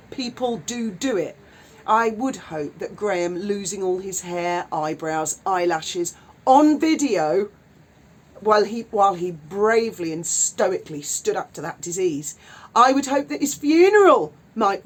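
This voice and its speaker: A woman's voice: mid-range voice, husky. A woman, indignantly ranting and swearing in a vlog. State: widowed. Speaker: YouTuber. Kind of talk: angry vlog rant.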